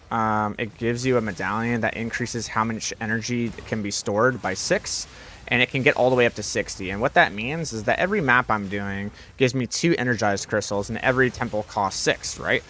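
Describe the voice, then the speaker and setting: A man's voice: mid-range voice, moderate pace, fairly bright tone, a little hiss or hum. A young man live-streaming a game, chatting casually with his viewers, rambling and swearing often.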